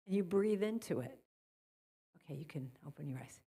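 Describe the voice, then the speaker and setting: A middle-aged woman speaking as a guest at a church service, softly guiding listeners and telling stories. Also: deep voice, expressive, a little fast, slightly rough. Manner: gentle, guiding a breathing exercise then storytelling. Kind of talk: spiritual talk at a church service. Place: church sanctuary.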